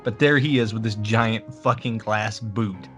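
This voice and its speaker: A man co-hosting a casual podcast, chiming in with blunt, deadpan remarks. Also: on the low side, unhurried, faint music behind. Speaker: podcast co-host. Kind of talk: casual chat.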